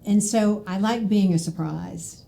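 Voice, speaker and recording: A woman from Mississippi, hosting a casual podcast interview and telling stories in an animated way, laughing often. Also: mid-range voice, a little slow, gravelly. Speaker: podcast host.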